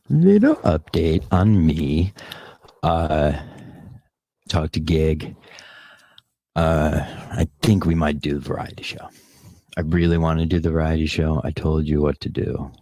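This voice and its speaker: A man's voice: very deep voice, slow pace, gravelly, long pauses, dark tone, no room sound. A podcast host on a casual live stream, rambling and swearing as he talks back to the chat comments.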